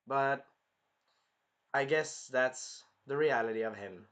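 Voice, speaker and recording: A young man reviewing an anime episode in casual, animated chat, swearing freely as he talks. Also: medium pitch, takes it slowly, pauses often. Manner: animated, swears, acts out scenes in funny voices.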